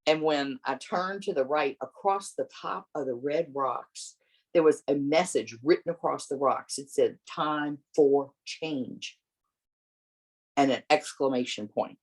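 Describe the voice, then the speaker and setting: A middle-aged woman, an interview guest, telling a personal story and acting out the voices of people in it with big jumps in pitch. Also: normal speed, breathy edge.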